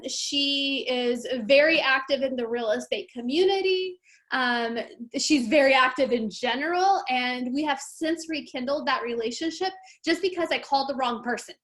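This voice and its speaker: Woman, high voice, host of a group call; chatty, animated storyteller. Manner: chatty, laughing, animated retelling. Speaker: meeting host.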